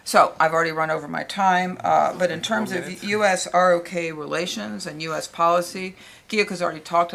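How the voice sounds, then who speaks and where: A woman's voice: low voice, vocal fry, fairly bright tone. A woman giving remarks on a policy panel, speaking with many hesitations and fillers.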